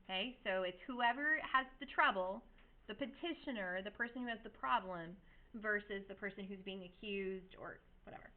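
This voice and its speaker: A woman's voice: medium pitch, normal speed. A woman teacher giving a casual classroom lecture, chatting with her students and acting out little quotes in her examples. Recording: tinny lo-fi classroom recording.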